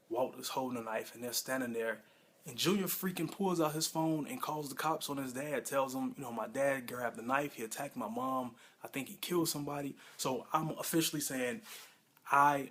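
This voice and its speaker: A man casually reviewing a TV episode at home, excitable and rambling, with lots of fillers and self-corrections. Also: mid-range voice, gravelly, breathy edge. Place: home room with a pet nearby.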